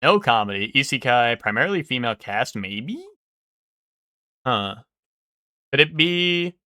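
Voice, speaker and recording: Young guy streaming, bright voice, super casual, swears, mumbles guesses, dry mic. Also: mid-range voice, animated, unhurried, dry recording. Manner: casual, swearing, thinking aloud while guessing. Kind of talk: casual live-stream commentary.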